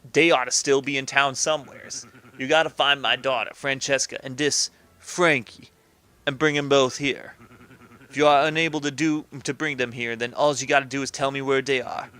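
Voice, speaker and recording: Tough-talking video game mob boss, New York Italian put-on accent, bright and pushy, voiced by a man. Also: medium pitch, close to an everyday voice. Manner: tough-talking, blunt threats. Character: gruff male mob boss, bossy and menacing. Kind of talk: reading game dialogue aloud in voices.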